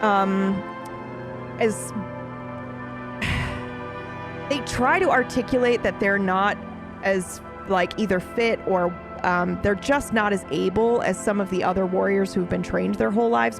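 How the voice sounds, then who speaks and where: A woman streaming a game, chatting casually to her viewers in an excitable, profane way that is full of laughs. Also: medium pitch, measured pace, vocal fry, pauses often, over music. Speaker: let's play streamer.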